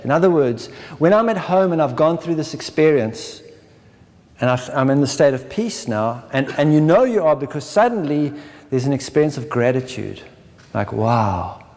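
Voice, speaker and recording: A man with a somewhat raised pitch leads a spiritual workshop talk, keeps asking his listeners "right?" and slips into brief acted-out inner voices. The recording carries the long, lingering reverb of a large lecture hall. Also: animated, moderate pace, darkish tone. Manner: checks in with listeners with a constant "right?"; acts out inner voices in short dramatized asides. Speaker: workshop presenter.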